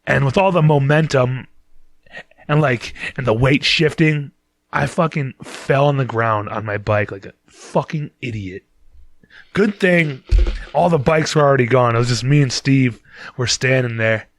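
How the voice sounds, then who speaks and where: A man's voice: medium pitch, a little slow, no echo. Profane rambling man telling a story. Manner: profane, rambling, laughs at himself. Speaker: podcast host. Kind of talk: casual storytelling monologue.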